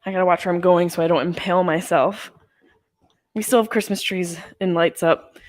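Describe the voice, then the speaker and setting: A woman's voice: on the low side, fairly even intonation, brisk, dry recording. Rambling, profane woman streaming from home. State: stoned. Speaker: live-stream movie watch-along host. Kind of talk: casual live-stream chat. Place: house, at home.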